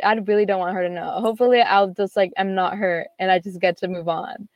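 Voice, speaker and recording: A teenage girl recounting a story in loose, rambling chat, piling up fillers and acted-out quotes. Her voice sits in an ordinary middle pitch. The sound is dry and close, with almost no room around it. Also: steady tone, moderate pace, no room sound, highs cut off. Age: teens. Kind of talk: casual chat.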